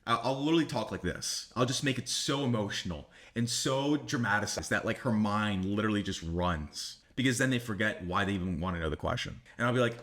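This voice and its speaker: A man's voice: lowish voice, fairly quick, hardly any pauses, fairly bright tone. A man giving blunt dating advice straight to camera as a coach, swearing casually and acting out both sides of conversations. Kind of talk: direct-to-camera advice monologue.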